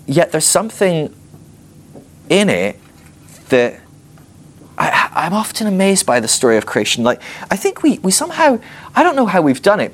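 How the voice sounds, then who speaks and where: A man teaching a Bible class in a playful, animated way, acting out little scenes with humor. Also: a little high.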